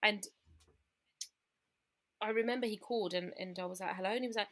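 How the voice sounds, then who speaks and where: A woman's voice: mid-range voice, fairly even intonation, fast, long pauses, fairly bright tone. A woman, telling her personal story as a guest in an interview, candid and full of quoted dialogue.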